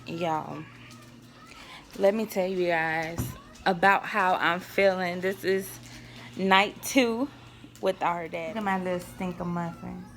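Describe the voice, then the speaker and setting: A woman's voice: on the low side, fairly even intonation, slow, fairly bright tone, faint music behind. A young woman chatting to viewers in a casual home cooking vlog, sighing now and then and fighting back tears, recorded on a camera on a tripod in her kitchen. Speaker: vlogger.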